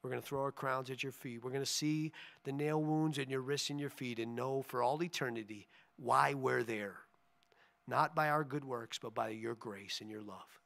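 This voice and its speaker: A man with a gravelly, fry-edged voice leads a casual church gathering as its pastor. His talk wanders in a homely way, full of asides. When he prays, he is earnest and keeps coming back to "Lord" at a mid-range pitch. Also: steady tone, moderate pace, a bit bright. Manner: folksy and rambling, many "you know" asides; earnest prayer with repeated "Lord". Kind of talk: informal sermon closing in prayer.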